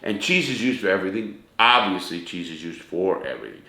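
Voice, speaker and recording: Man, middle-aged, cooking show host, chatty, talks to viewers, forceful bright voice, echoey room. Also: sits low, very animated, fairly quick. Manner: chatty, talks straight to viewers as "people" and "guys". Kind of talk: casual cooking demonstration.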